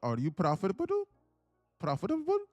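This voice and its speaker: Brief: man doing a calm, blunt Indian-accented older mentor, raised high voice, terse broken questions. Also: moderate pace, no echo, lo-fi sound, faint music behind. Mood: probing.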